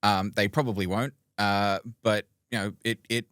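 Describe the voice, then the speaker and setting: A man's voice: on the low side, steady tone, moderate pace, a bit bright, smooth, no echo, clean studio sound. A man co-hosting an aviation podcast, talking casually with frequent hesitations and restarts. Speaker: podcast co-host, aviation journalist.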